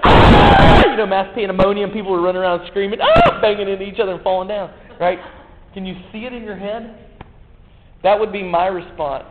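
A man's voice: high-pitched, steady tone, a little fast, heavy background noise. A man preaching a sermon in a folksy, joking way, full of rhetorical questions. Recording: echoey hall, tinny phone-like sound.

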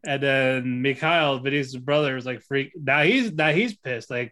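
A man casually recapping an anime episode, excitable, acting out the characters' lines and laughing often. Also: mid-range voice, normal speed. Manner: excitable storytelling, acts out quotes, laughs often. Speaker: podcast co-host reviewing an anime. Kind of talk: casual chat.

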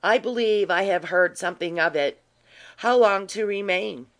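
A reader voicing a grave, quietly sly gentleman in an audiobook, speaking in a dry, measured way. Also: medium pitch, pitched above the performer's own voice, lightly acted. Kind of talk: audiobook reading.

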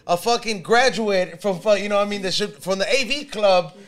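Higher voiced dude hosting a podcast, swears nonstop, rambles on. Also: male voice, fairly quick, fairly bright tone. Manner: profane, rambling, frequent swearing. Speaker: podcast host. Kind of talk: casual chat.

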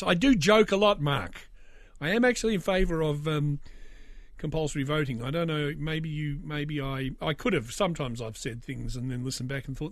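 This is a man from Britain hosting his own podcast, his voice a touch higher than usual for a man and still a little raspy from a recent illness. He rambles through the chat with a steady stream of sardonic jokes. The sound is close and dry, with no room around it. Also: moderate pace, no room sound. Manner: rambling, jokey, sardonic asides. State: slightly raspy after illness. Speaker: podcast host. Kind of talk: casual solo podcast chat.

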